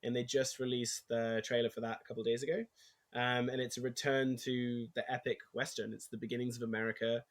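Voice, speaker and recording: A man from England with an English accent, talking casually as an actor guest, animated and quick to act out quoted lines. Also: mid-range voice. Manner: animated storytelling, acts out quotes, laughs easily. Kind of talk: casual interview chat.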